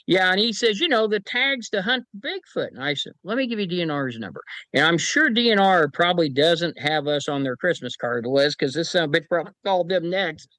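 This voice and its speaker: A sharp-toned, high-sitting male voice moves briskly and expressively, barely pausing, on a rough recording without room sound. The man, interviewed on a podcast, tells casual folksy anecdotes about his paranormal team, often performing the voices of the people in them and chuckling.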